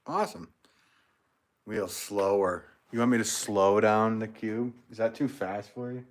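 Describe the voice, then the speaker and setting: A man's voice: lowish voice, fairly even intonation, unhurried. A man with an American accent hosting a casual pottery livestream, reading out viewer comments and joking with a frequent chuckle. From United States. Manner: jokey, chuckles often.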